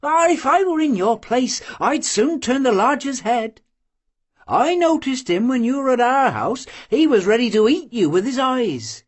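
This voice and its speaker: A bubbly young cossack girl, put on by an audiobook reader, her voice pitched up and leaping about as she gushes and pokes at her friend with eager questions. it is read slowly, with a slightly husky edge. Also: very animated, exaggerated voice. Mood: teasing. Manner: eager, gushing, teasing questions. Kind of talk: audiobook character voice.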